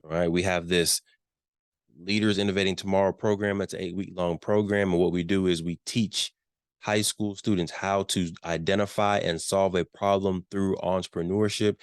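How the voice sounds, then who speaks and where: Deep-voiced man coaching on sales. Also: level tone, normal speed, smooth, no echo, studio quality. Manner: emphatic, repeats key questions, asks "right?". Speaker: workshop presenter. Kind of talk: business coaching talk.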